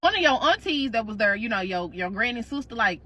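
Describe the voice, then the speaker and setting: A woman with a high, bright voice tells a dramatic second-person storytime. Her pitch leaps all over the place. She is sassy, slangy and swears freely. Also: sing-song, a little fast. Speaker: storytime creator.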